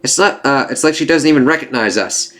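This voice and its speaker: A man's voice: medium pitch, expressive, brisk, a bit bright. A man giving a casual spoiler review of a comic. He swears freely, rambles and corrects himself, and reads the dialogue aloud in livelier voices.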